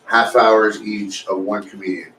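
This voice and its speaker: A man's voice: lowish voice, steady tone, unhurried, sharp tone. A man co-hosting a podcast in casual chat, telling rambling, profane stories and laughing often. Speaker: podcast co-host. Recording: echoey room, mic at a distance, faint noise.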